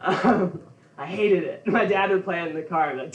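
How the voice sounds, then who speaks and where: Man, stand-up comedian, rambling, giggly, higher voice, roomy, distant mic. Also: a little fast. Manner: rambling, laughs at his own jokes, many fillers. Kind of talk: stand-up set. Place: comedy venue. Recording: roomy, from far off.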